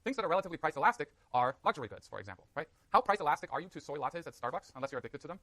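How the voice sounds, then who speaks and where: A man giving a university economics lecture in a hall, energetic and joking with his students. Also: a little high, rapid-fire.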